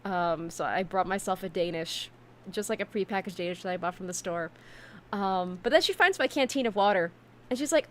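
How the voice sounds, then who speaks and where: A woman streamer in casual chat, telling stories in an animated way with many fillers and restarts, talking from her home setup. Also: mid-range voice, fairly quick.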